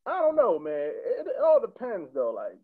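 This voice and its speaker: A young man from Connecticut, a stand-up comedian guesting on a podcast, telling stories in an animated, profane, casual way and laughing along. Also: very high voice, normal speed, slightly rough. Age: young adult. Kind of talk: casual storytelling. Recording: tinny phone-like line.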